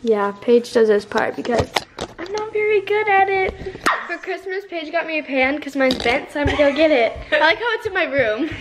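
A young woman with a high voice chats and jokes while making breakfast in a home kitchen. Pots, pans and dishes clatter loudly all around her. She talks in a playful, easygoing way and slips into singsong bits. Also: expressive, moderate pace, noisy background. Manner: playful, chatty, sing-song asides. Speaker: vlogger. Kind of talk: casual cooking vlog chat.

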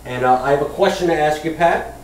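A man's voice: on the high side, fast. A man hosting a comedy web show, chatting with a guest in a joking, self-deprecating way. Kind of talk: casual interview chat. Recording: distant roomy mic with faint noise.

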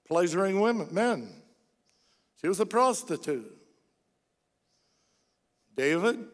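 A man preaching a sermon in a church, telling stories with lively acted-out quotes. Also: high-pitched. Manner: animated storytelling, acts out quoted voices. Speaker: pastor. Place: church sanctuary. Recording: long hall reverb.

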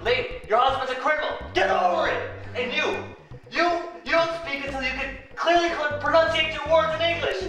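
A man plays a hotheaded gunman who yells and swears at everyone around him. His voice is strained and very high, and it comes from far off in a very echoey space with music behind it. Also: a little fast. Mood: angry. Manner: yelling, swearing. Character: hotheaded male gunman, short-tempered. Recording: distant, very echoey room with music.

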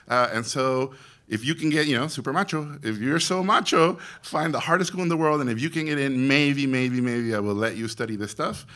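Bright-voiced Mexican man telling stories. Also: fairly high pitch, moderate pace. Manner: animated storyteller, acts out quoted voices. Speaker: guest speaker, animation director. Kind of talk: storytelling talk to students.

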